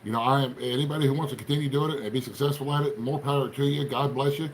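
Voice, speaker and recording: A man's voice: medium pitch, steady tone, racing, a little hiss or hum. A middle-aged man from Appalachian Ohio with an Appalachian accent, chatting casually on a livestream, folksy and rambling as he greets viewers by name. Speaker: livestream host.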